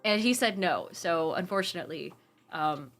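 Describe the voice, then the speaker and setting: Reading viewer comments aloud on a casual live stream, this young Pacific Northwest woman speaks at a moderate pace in a lowish voice over soft background music. Animated and profane, she laughs a lot and rambles, restarting her sentences.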